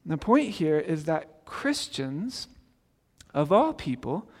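A man with a high voice preaches a sermon in a loose, conversational way. He keeps checking in with "right?" and trips over his first words. A long reverb hangs on his voice. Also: big pitch swings, slow pace. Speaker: pastor.

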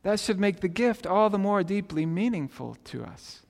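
High-voiced male pastor in a reverberant hall. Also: expressive, moderate pace, vocal fry. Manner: conversational, repeats "right?" and restarts words. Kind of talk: sermon.

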